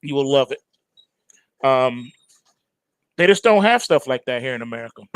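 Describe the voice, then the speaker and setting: A man's voice: mid-range voice, animated, normal speed, smooth, no echo. A middle-aged man hosting a trading show, rambling casually and animatedly, full of fillers and chuckles.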